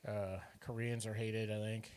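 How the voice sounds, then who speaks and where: A man from Iowa co-hosts a casual podcast in a lowish, level, slightly mellow voice at a measured pace. He talks in loose, rambling runs and laughs easily.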